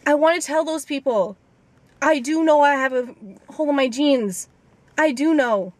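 A high-pitched young woman vents to her camera from a parked car. She is exasperated and indignant, with swearing running all through her rant. Her casual, unscripted talk heads straight into the lens. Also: normal speed, dry recording. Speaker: vlogger. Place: inside a car. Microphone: handheld camera.

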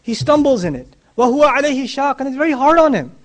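High-voiced man giving a passionate lecture. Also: very animated, very fast. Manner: passionate, repeats key phrases for emphasis; quotes Arabic scripture. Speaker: preacher.

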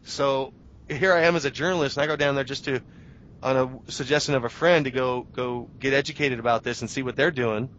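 Brief: thirties male guest, animated storyteller, mid-pitched voice, muffled lo-fi radio sound, faint hiss. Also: a little fast. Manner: animated storytelling with restarts and self-talk. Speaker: interview guest, journalist. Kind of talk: casual radio interview. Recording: dull lo-fi radio audio.

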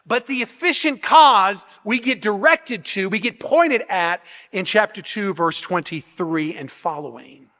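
A man's voice: high-pitched, lively intonation, measured pace, few pauses, sharp tone. A man pastor preaching an expository sermon, explaining step by step with rhetorical questions and frequent restarts. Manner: frequent restarts and repeated words. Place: church sanctuary. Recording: long hall reverb.

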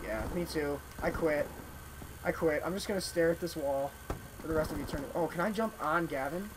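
A man hosting a gameplay video, chatting casually with friends and yelling in frustration at the game. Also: fairly high pitch, brisk. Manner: loud, exasperated, swears and yells at the game. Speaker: gaming channel host. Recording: game noise behind voice.

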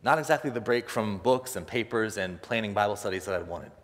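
A young man preaching a sermon, telling a personal story in an animated way and acting out the other people's voices, laughing often. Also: lowish voice, a little fast. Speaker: pastor. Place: church sanctuary. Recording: long reverb of a church hall.

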